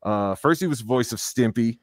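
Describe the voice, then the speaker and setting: In a casual podcast conversation, a man co-hosting rambles along with many fillers and restarts. He has a mid-range voice at a moderate pace, and the sound is dry and clean, like a studio.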